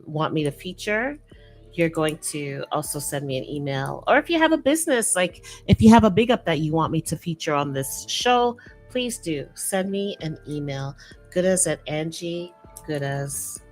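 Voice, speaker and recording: Low-voiced woman hosting a podcast. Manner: animated, emphatic, repeats herself. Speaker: podcast host. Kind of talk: casual solo talk on a livestreamed podcast.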